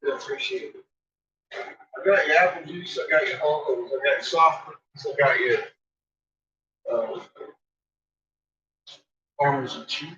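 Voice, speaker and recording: A man's voice: a little high, unhurried, long pauses, sharp tone. A man chatting casually while he cooks in his home kitchen, swearing freely and teasing his dogs. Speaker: vlogger. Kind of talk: casual chat while cooking. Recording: echoey, distant, dull, noisy with dogs barking.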